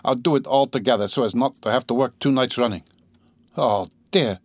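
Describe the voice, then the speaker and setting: A man's voice: mid-range voice, fairly quick, no room sound, studio quality, lightly acted. A man voicing a proud, distraught consumptive mother who talks fretfully and breathlessly. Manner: breathless, fretful and rambling, broken by coughs.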